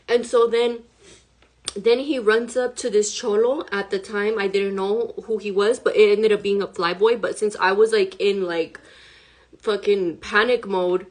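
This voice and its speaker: A woman's voice: medium pitch, fairly even intonation, unhurried. A woman hip hop artist recounting a frightening event in a casual vlog, shaken and emotional, swearing often and saying "like" a lot.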